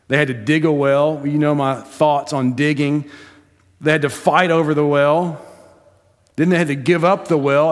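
A pastor giving a sermon in a conversational, storytelling manner, laughing and building emphasis as he goes. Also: fairly high pitch. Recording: long hall reverb in church.

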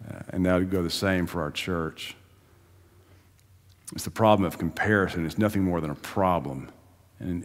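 A pastor giving a sermon in a conversational, storytelling manner, laughing and building emphasis as he goes. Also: lowish voice. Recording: long hall reverb in church.

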